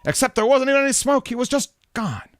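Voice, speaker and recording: A man voicing a jittery, loud male police bailiff who stammers and keeps saying sir. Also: extremely high pitch, very animated, fast. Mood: nervous blustering.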